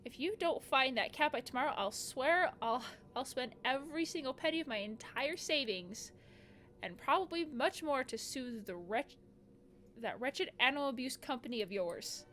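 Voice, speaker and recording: A woman's voice: sits high, animated, moderate pace, fairly bright tone, slight background noise. A woman voicing an indignant, threatening family adult who scolds dramatically.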